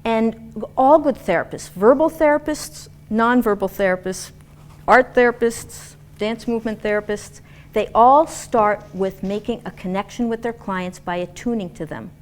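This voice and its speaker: A woman lecturing a class on dance and movement therapy in an animated, demonstrative way, acting out example voices. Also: on the high side, normal speed.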